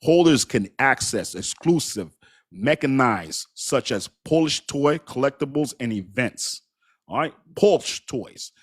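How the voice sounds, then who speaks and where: A man putting on a measured male news-anchor voice, reading market news slowly and formally. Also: mid-range voice, lively intonation, husky, dry recording, studio quality. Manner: slow, formal, newsreader delivery.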